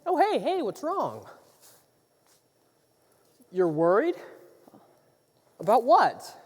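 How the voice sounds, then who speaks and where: A woman's voice: a little high, extremely slow, full character voice. A woman playing a playful court jester in a live stage musical, guessing aloud with many fillers. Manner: animated guessing, lots of oh's and ums. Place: theater stage. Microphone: far camera. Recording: reverberant theater.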